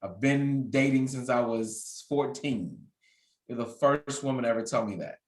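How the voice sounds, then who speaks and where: A candid man in his thirties talks reflectively in a casual chat, often circling back and restarting his sentences. His voice sits at a middle pitch and rings in an echoey room. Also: normal speed. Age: 30s. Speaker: podcast host. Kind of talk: casual conversation.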